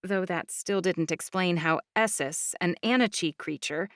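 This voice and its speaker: A woman's voice: on the low side, measured pace, no room sound. Woman narrating with a dry, close sound. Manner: even, clear storytelling. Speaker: audiobook narrator. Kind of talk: scripted first-person narration.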